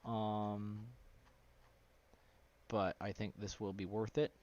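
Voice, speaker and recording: Guy with a lowish voice streaming a tutorial, chatty and rambly, dry dull mic. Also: flat delivery, takes it slowly, a little mellow. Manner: loose and rambling, with many fillers. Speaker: live streamer teaching 3D simulation. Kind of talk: casual live-stream tutorial. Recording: dull, lo-fi sound.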